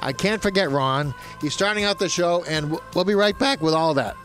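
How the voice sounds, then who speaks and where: A man's voice: fairly high pitch, moderate pace, over music. A man hosting a radio outdoors talk show, joking and laughing as he introduces his guests. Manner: playful, jokey, laughs at own jokes.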